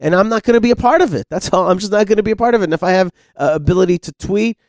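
A man's voice: high-pitched, racing, darkish tone, no room sound, clean studio sound. A middle-aged man hosting a radio discussion, impassioned and insistent, repeating words when worked up. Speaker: radio host.

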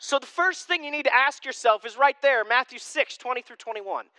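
A man's voice: very high voice, fairly quick, pushed and bright, no room sound. A man in his thirties, a pastor giving a conversational sermon with self-deprecating humor.

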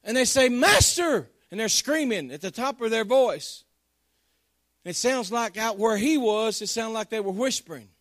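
Fervent high-voiced male preacher. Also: moderate pace, no room sound, studio quality. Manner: fervent, Southern-tinged folksy preaching with call-outs to the congregation. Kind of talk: sermon.

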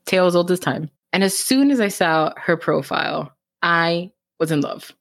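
A woman from Miami with a Miami accent, an author chatting in an interview, talking fast and laughing often. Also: lowish voice, expressive. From Miami, Florida. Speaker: author guest. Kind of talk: casual interview chat.

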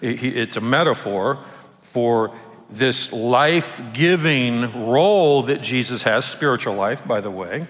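A man's voice: mid-range voice, unhurried, fairly bright tone. A man, a pastor, preaching a sermon in a casual, conversational way with playful asides. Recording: long hall reverb.

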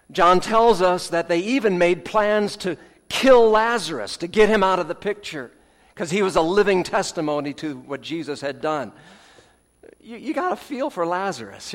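A man preaching a sermon as pastor, earnest with dramatic pauses, letting phrase ends fall soft, with folksy asides. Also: a little high. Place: church sanctuary. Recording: long hall reverb, church sanctuary.

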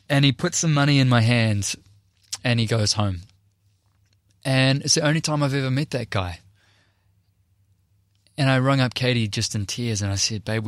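Speaking in a mid-range voice, this young Christian speaker and performer shares his personal testimony with earnest, conversational emotion. The studio-quality recording has no echo.

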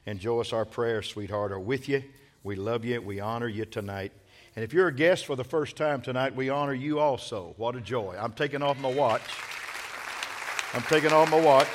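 A man's voice: medium pitch, normal speed, some chatter behind, slight background noise. Male pastor, sermon from the pulpit, call-and-response, emphatic build. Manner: preacher leading call-and-response, builds to loud emphatic peaks. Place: church sanctuary.

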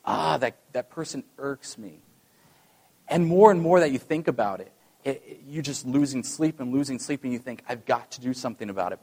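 A pastor with a mid-range voice preaches a sermon in a conversational style, speaking directly to his congregation. He works in a few self-deprecating remarks.

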